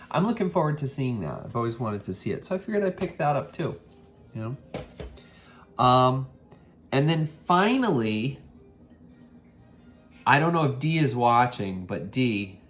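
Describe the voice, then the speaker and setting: A man's voice: lowish voice, slight background noise. A man hosting a casual thrift haul vlog, rambling with many ums and self-corrections. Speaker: vintage reseller and vlog host.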